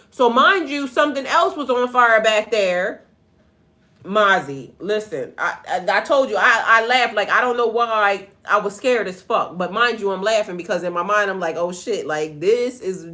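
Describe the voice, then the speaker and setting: A woman's voice: fairly high pitch, a bit bright. A middle-aged woman giving a casual livestream tarot reading, talking straight to viewers and breaking into laughing, profane stories. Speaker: tarot reader and spiritual life coach.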